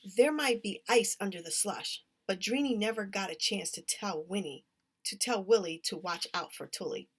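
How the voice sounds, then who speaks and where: A woman reading a children's story aloud in a lively, expressive way. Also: medium pitch, moderate pace, breathy edge. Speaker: story reader.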